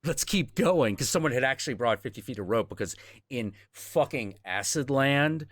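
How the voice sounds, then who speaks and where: A man hosting a casual stream, telling a story in a rambling, profane, animated way. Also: mid-range voice, moderate pace, dry recording. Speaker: host.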